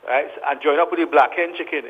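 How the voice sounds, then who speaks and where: A man's voice: a little high, fast talker, breathy edge. A man calling in to a talk show, talking in a rambling, hesitant way. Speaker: caller. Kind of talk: phone-in comment. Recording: tinny phone line with reverb.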